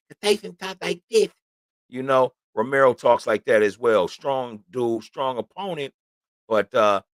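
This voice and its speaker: A man's voice: medium pitch, a bit bright, no room sound, clean studio sound. A middle-aged man hosting a casual sports talk show, chatting loosely and keeps asking "you know what I'm saying". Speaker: host.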